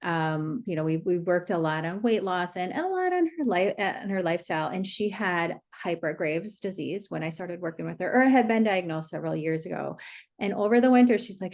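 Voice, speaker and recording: A woman's voice: medium pitch, animated, fairly quick, a little mellow. A woman hosting a podcast, a dietitian talking in a chatty, casual way with many fillers and easy laughs.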